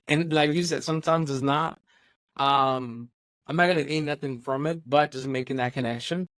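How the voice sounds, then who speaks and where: A man hosting an interview podcast, relaxed and affirming, talking casually with plenty of fillers. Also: mid-range voice, normal speed, no echo. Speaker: podcast host.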